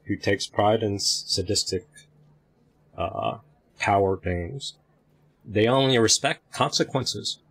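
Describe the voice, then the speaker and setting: A man hosting a discussion group, giving slow, wry commentary between excerpts. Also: fairly low pitch, fairly bright tone, husky.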